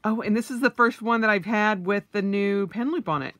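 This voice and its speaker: A woman's voice: medium pitch, a little fast, fairly bright tone. A woman vlogger, middle-aged, unboxing purchases in a casual vlog, gushing with oohs and yays.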